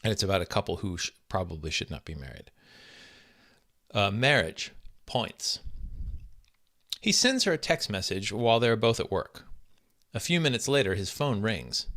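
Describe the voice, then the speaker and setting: A man in his fifties reads his own stories aloud, then chats wryly and self-deprecatingly. His voice is bright and very lively in pitch. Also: normal speed, long pauses. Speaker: author. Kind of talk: reading his fiction aloud.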